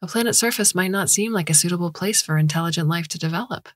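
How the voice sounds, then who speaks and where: A woman voicing a calm, wry woman scientist explaining her ideas. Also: lowish voice, fast, husky, no echo, clean studio sound. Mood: earnest.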